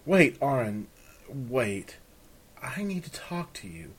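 A man doing a sharp, demanding young woman. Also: medium pitch, very animated, slow, a little hiss or hum, pitched above the performer's own voice. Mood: indignant.

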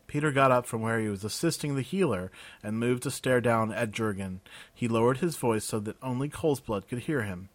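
Guy reading a fantasy audiobook, measured and steady, dry close sound. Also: lowish voice, no echo. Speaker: audiobook narrator. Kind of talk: scripted fantasy narration.

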